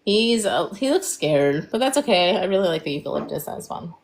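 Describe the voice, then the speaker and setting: A woman with a gravelly, croaky voice that is half gone from being sick, chatting in a loose, giggly way while she paints on a live stream. Her pitch bounces around a lot as she talks. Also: sing-song, a little fast. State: losing her voice from illness. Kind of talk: casual chat while painting.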